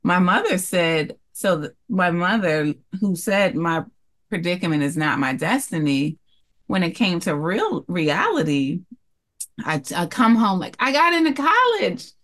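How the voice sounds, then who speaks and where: A woman's voice: on the low side, unhurried. Earnest storytelling woman. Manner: earnest and expressive, acting out quoted voices. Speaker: podcast guest, jewelry entrepreneur. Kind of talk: candid interview storytelling.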